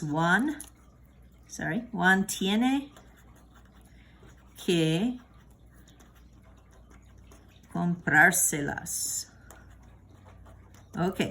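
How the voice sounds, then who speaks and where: Patient woman teaching a grammar lesson. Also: lowish voice. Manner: patient and encouraging, with many fillers and restarts. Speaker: Spanish teacher. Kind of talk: recorded remote lesson explaining grammar.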